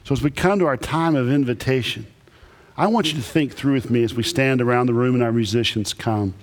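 A man who is a Baptist pastor, preaching a sermon with emphatic, animated delivery and lots of repetition. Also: medium pitch, a little fast. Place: church sanctuary. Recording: echoey church hall.

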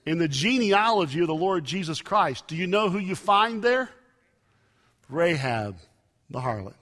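High-voiced bright preacher guy, gets loud then soft, big echoey hall. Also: lively intonation, moderate pace. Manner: emphatic preaching with sudden loud rises and soft drops. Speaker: pastor. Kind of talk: sermon. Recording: long reverb of a large hall.

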